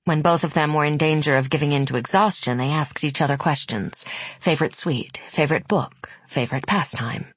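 A woman narrating an audiobook in a measured, even storytelling manner, recorded close to the mic. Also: sits low, breathy edge, no room sound. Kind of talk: scripted narration.

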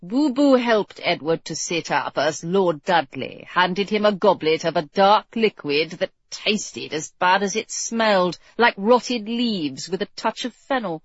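A woman narrating a historical novel aloud at a very slow, measured pace. Her tone is even and steady. The recording is dry and slightly dull, with no room sound. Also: mid-range voice, breathy edge, dry recording. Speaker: audiobook narrator. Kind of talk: scripted narration. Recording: dull, dry close-miked audio.

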